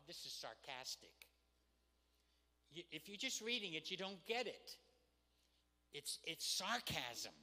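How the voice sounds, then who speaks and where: A man's voice: on the high side, expressive, a little slow, long pauses, pushed and bright. An older man teaching scripture in a chatty way to a live group, often laughing and asking "hmm?" to check in with them. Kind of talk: casual lecture to a live group. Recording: long reverb in a hall.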